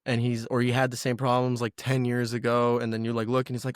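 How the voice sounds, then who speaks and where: A man talks on a podcast in a loose, rambling way, swearing as he goes. His voice sits at a middling pitch. It is recorded close and dry. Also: level tone, brisk, smooth, no echo. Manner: rambling, loose, swearing, drifts into silly bits. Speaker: podcast co-host. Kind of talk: casual chat.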